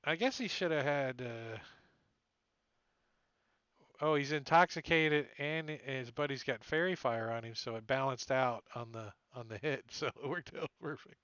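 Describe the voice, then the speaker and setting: A man's voice: medium pitch, a little slow, a bit bright, clean tone, no room sound. A man running a tabletop game as dungeon master, narrating casually with filler words and frequent laughs, over dull lo-fi stream audio.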